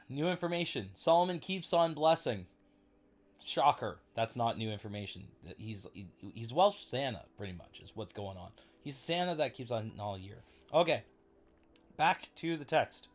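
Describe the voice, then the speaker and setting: A man hosting a casual livestream Bible study, chatty and excitable, breaking off to react to viewers. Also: medium pitch, unhurried.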